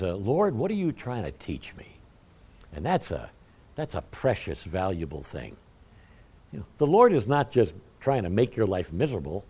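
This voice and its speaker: A man preaching a sermon in a folksy, conversational way, often swinging from quiet asides to loud emphatic lines. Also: fairly low pitch, slightly rough.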